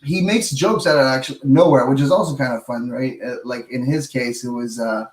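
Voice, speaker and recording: A man's voice: medium pitch, fairly even intonation, fairly quick. Male podcast co-host, mid-range voice, rambling casual chat, echoey room. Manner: rambling, laid-back storyteller. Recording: roomy echo.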